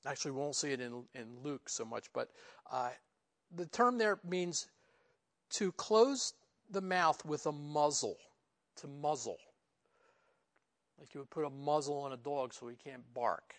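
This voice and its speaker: A man gives a relaxed, verse-by-verse Bible teaching in a voice that sits a little higher than most men's. He talks informally, often saying "you know," and gets louder and higher when he stresses a point. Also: measured pace, pauses often. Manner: rises in pitch and volume for emphasis. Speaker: pastor.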